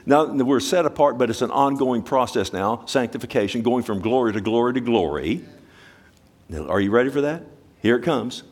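A pastor preaches a sermon, putting questions to his congregation and swinging from loud exclamations to hushed, slow emphasis. His voice is fairly low with lively intonation.

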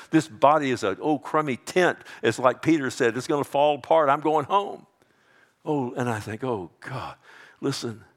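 A middle-aged male pastor preaching a sermon, swinging from hushed, drawn-out whispers to loud, emphatic declarations. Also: medium pitch.

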